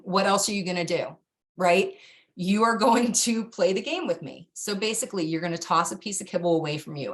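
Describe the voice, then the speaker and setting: A middle-aged woman giving a casual, direct online dog-training lesson, talking straight to her students. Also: a bit bright. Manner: chatty, direct, jumps to a high sing-song for cue words. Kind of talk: online course instruction.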